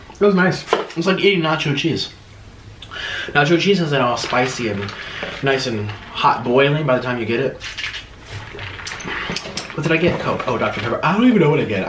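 A man's voice: medium pitch, sing-song, moderate pace, pauses often, echoey room, noisy background. A man hosting a casual eating vlog in a playful, theatrical, sing-song manner. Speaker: mukbang host.

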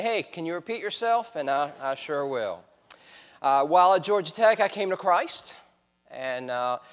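A man's voice: mid-range voice, clear, resonant tone. A man with a French accent, preaching as a guest speaker in a church in a friendly, self-deprecating way with frequent hesitations. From France. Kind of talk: sermon. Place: church sanctuary. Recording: church hall reverb.

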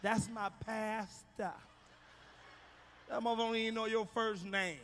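A man doing a stand-up comedy routine on stage, ranting loudly with a profane, hard-hitting delivery. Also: high voice, level tone, a little slow, long reverb tail, slight background noise.

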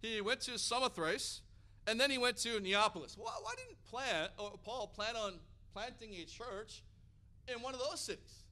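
This American preacher has a high, ringing voice with a sharp, bright edge. His sermon is full of energy, often building to loud, forceful climaxes, with wide swings in pitch at a normal speed.

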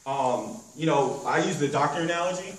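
At a meeting, a man trains a sales team in a loose, rambling way, packing his talk with fillers and analogies. His fairly high voice is expressive and moves at a moderate pace, picked up from a distance in a hotel room full of echo.

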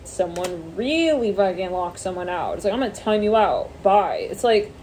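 A woman's voice: mid-range voice, expressive, moderate pace, few pauses, darkish tone, slight background noise. A woman giving a casual tarot reading, rambling with many fillers and swearing offhandedly. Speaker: tarot reader.

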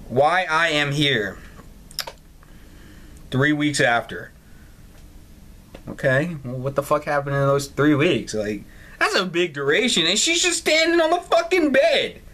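A man hosting a gaming channel, doing loud, profane let's play commentary with lots of incredulous outbursts. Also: a little high, big pitch swings, a little fast. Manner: loud, swearing, incredulous, laughs a lot.

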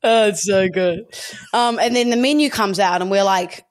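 A woman's voice: medium pitch, normal speed. Laughing woman telling a story. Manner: animated, laughing, swearing storyteller. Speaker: podcast co-host. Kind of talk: casual storytelling.

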